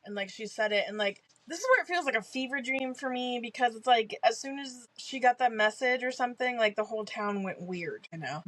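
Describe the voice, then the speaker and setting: A woman with a somewhat high voice chats casually as a podcast co-host, laughing often between remarks. The recording is dry and close. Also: brisk, few pauses, a bit bright, no room sound. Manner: laughing, chatty commentary. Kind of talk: casual chat, book discussion.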